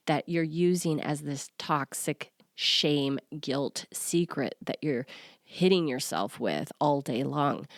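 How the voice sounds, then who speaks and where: A woman in her forties, a self-worth coach, talking to listeners in an earnest, confiding way with soft laughs. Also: low-pitched, no echo, clean studio sound. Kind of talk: personal solo podcast talk.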